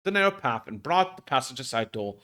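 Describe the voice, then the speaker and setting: A man's voice: medium pitch, sing-song, a little fast, sharp tone, clear, resonant tone. A man streaming live, reading a visual novel aloud with emotion and intensity, sometimes stumbling over words. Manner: emotional, intense, with occasional slips. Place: home streaming setup.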